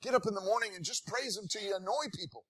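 High, bright-voiced preaching man. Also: quick pace, slightly rough, dry recording. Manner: animated, rising to shouts of praise; folksy, conversational preaching. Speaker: pastor. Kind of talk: sermon.

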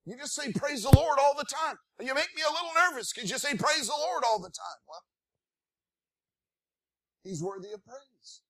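A man preaching from the pulpit in a very high, bright, forceful voice. He talks to his congregation in a folksy, conversational way and climbs into animated shouts of praise. The sound is close and dry, with no room echo. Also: normal speed, long pauses. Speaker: pastor. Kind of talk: sermon.

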